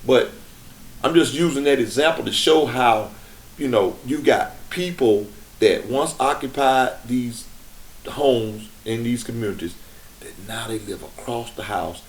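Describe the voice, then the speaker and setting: A middle-aged man hosting a podcast, telling a story in an unhurried, conversational way with frequent restarts. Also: mid-range voice. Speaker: podcast host.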